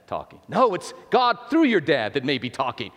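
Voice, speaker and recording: A high-pitched male pastor preaches in a church sanctuary, keeping it chatty and often restarting his sentences. His voice rings out with the long reverb of a large hall. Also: huge pitch swings, moderate pace, a bit bright. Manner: conversational preaching with repeated restarts and playful asides. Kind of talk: sermon.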